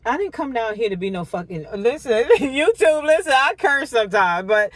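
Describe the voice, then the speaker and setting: A woman with a high voice runs through a tarot spread in a casual monologue. She talks in loose slang, laughing often and swearing without a second thought. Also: moderate pace, no echo. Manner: animated and slangy, laughs and curses. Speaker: tarot reader.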